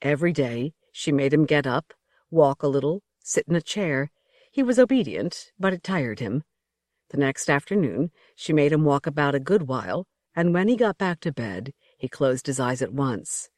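Expressive, lively storybook narrator. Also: medium pitch, normal speed, no echo, clean studio sound. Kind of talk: audiobook narration.

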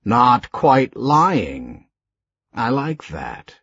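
A man voicing a brutal male killer who claims to be an inhuman beast, talking low, slow and cold. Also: huge pitch swings, vocal fry, a bit bright, breathy edge, no echo, highs cut off, heavily acted.

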